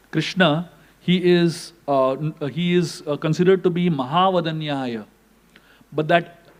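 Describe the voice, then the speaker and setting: A man tells sacred stories in a scripture class. His delivery is animated and he acts out the dialogue. His voice sits a little higher than most men's. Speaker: spiritual teacher.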